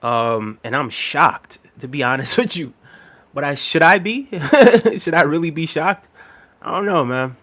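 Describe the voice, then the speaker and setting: A man's voice: a little high, expressive, measured pace, fairly bright tone. A man hosting a casual livestream, reading viewer comments aloud and chuckling often as he answers them. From United States. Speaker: livestream host.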